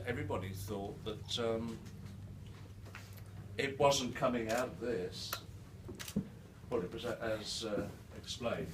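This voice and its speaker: An older man speaking to a live audience, halting with many restarts, his words slightly slurred by a new denture. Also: on the low side. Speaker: guest speaker. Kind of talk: live storytelling talk. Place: event hall with an audience. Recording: distant mic in a noisy room.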